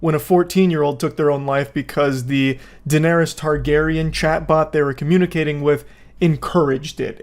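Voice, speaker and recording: A young man hosts a casual commentary video, mixing sarcastic asides with frequent swearing. His voice sits a little higher than most men's. He sounds loose and offhand as he reacts. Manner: sarcastic, profane, jokey asides.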